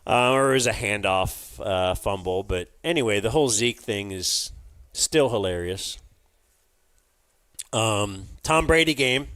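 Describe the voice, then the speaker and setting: Streaming live from a club, this podcast co-host talks sports casually, rambling with many fillers. He has a lowish, expressive voice with a fairly bright tone and an unhurried pace.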